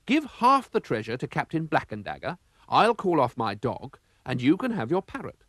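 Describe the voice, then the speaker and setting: A man voicing a genteel, confident older gentleman motorist who speaks in a proper, firm way in a storybook cartoon. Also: on the high side, huge pitch swings, moderate pace, no room sound, studio quality, full character voice.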